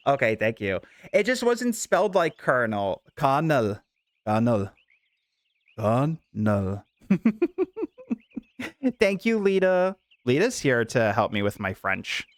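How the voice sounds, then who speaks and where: A man streaming a game, chatting casually with viewers in an animated, giggly way. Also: on the high side, slow, no echo.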